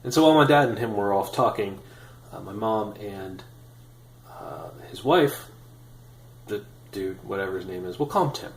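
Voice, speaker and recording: Animated man telling a story, roomy echo. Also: lowish voice, normal speed, vocal fry, pauses often, a little hiss or hum. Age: 30s. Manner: animated and self-deprecating, with frequent fillers and laughs. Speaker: vlogger. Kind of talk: casual storytelling.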